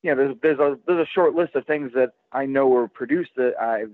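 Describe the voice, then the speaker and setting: A man, a guest collector, chatting casually on a podcast in a halting way, full of restarts and fillers. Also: medium pitch, no echo. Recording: tinny, dry phone line.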